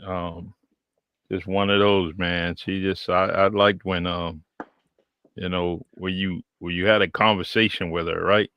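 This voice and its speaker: A man reminiscing in casual podcast chat, speaking haltingly with many pauses. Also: deep voice, little pitch movement, smooth, muffled recording.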